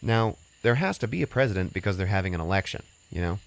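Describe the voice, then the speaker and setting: A man's voice: low-pitched, lively intonation, fast, gravelly. A man hosting a podcast, retelling a film's plot in a loose, rambling way, full of fillers and swearing. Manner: rambling, filler-heavy and profane. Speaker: podcast host recapping a film. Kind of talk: casual movie recap chat.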